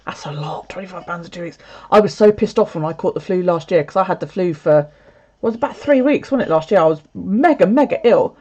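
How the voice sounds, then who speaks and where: A woman's voice: lowish voice, expressive, fairly quick, mellow. A woman from the UK, chatting casually to her viewers at home, swearing freely and laughing often. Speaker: video creator. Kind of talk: casual live chat to viewers. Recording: dull lo-fi sound.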